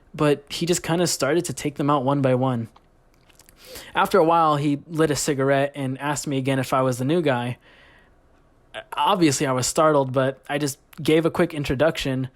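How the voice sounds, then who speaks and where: A young man narrating a comedic story in a profane, rambling, deadpan way. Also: on the high side. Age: young adult. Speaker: YouTube storyteller.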